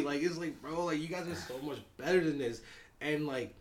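A man's voice: on the high side, brisk. A man co-hosting a podcast, ranting about basketball in casual, heavily profane talk. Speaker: podcast co-host. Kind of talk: casual sports chat.

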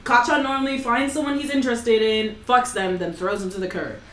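A young woman co-hosting a casual chat, animated and swearing freely, acting out quotes. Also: a little high, fairly quick, a crowd in the background. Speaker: podcast co-host. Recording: echoey room.

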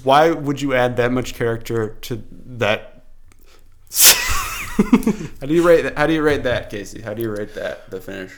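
Animated joking young man. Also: a little slow, pauses often, slight background noise. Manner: jokey, puts on silly high voices for bits. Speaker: podcast co-host. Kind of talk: casual comedic chat.

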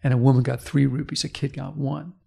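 In conversation, a history professor tells a story, voicing its characters with blunt, emphatic and sometimes profane lines. His mid-range voice is gravelly and brisk, and he plays the quoted voices with animation.

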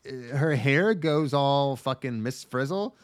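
Podcast guy rambling thru an anime recap, crude, lots of ums, normal pitch. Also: expressive, slow, clean tone. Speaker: podcast co-host. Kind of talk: casual chat recapping an anime.

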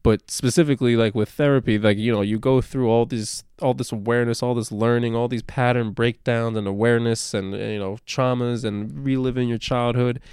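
A man talks at length on a podcast, his voice smooth and clean, recorded close and dry with no room sound. He rambles with plenty of fillers and swears casually as he goes. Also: medium pitch, a little fast, few pauses, no room sound. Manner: animated, swears freely, rambling with many fillers. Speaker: podcast co-host.

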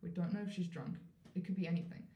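A woman with a somewhat low voice recounts a personal story as a podcast guest, casual and animated. She acts out the voices of the people in her story and leans on "like" fillers. The room around her sounds echoey. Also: fast. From South Africa.

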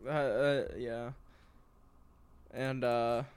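A man's voice: medium pitch, flat delivery, extremely slow, smooth. A man co-hosting a podcast in casual chat, often hesitant and trailing off. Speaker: podcast co-host. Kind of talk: casual card-review chat.

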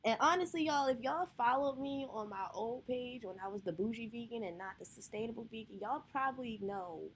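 A woman's voice: fairly high pitch, husky. A young woman hosting a podcast, candidly telling her own story in casual speech, swearing freely, laughing often and talking straight to her listeners. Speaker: podcast host.

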